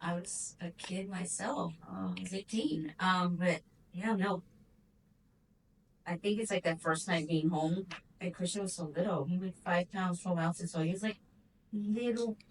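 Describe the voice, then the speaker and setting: A woman in her thirties with a Texan accent, speaking earnestly in casual conversation and laughing softly now and then. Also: on the low side, steady tone, measured pace. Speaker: mother, podcast guest. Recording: slightly distant mic with faint background noise.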